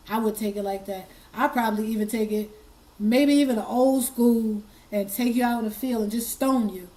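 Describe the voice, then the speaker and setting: A woman hosting an online commentary, speaking earnestly while hoarse and fighting back tears, often repeating her words. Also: a little high, normal speed, warm tone, low-quality recording. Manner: earnest, choked up, repeats herself. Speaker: commentary channel host. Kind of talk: emotional commentary.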